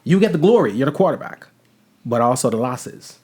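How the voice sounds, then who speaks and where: A man hosting a talk show, asking long questions and affirming his guests in relaxed conversation. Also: mid-range voice, a little fast, breathy edge. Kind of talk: casual interview.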